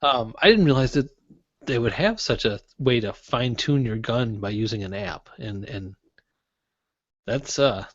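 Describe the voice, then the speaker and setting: Easygoing guy on a podcast, mid-pitch, kinda dull lo-fi sound, dry. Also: animated, measured pace, a bit bright, dry recording. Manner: easygoing, joking, muddles through reading aloud. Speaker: podcast co-host. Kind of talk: casual podcast chat, reading listener email.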